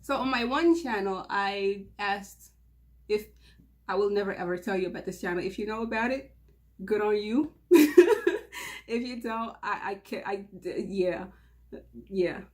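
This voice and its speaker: A woman's voice: mid-range voice, normal speed. A young woman from Mauritania hosting her own channel, talking in a nervous, giggly, rambling way with frequent restarts. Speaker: channel host. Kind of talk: casual nervous vlog intro.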